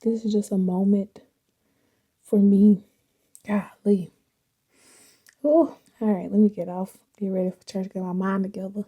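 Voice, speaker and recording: A woman's voice: medium pitch, steady tone, a little slow, pauses often, lo-fi sound. A woman chatting casually and reflectively as a vlogger while driving, laughing often. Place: in a car.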